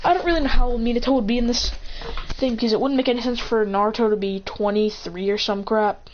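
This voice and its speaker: A woman's voice: fairly high pitch, fairly even intonation, fast, a little mellow. A woman telling a rambling fan-fiction story, full of asides and restarts. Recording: dull lo-fi recording with faint hiss.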